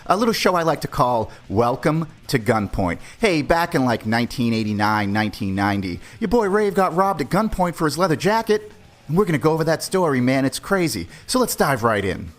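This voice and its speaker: A man's voice: a little high, very animated, a little fast. A man in his forties from the Boston area, hosting a podcast and telling a story in a loose, profane, chatty way. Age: 40s. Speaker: podcast host. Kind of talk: casual storytelling.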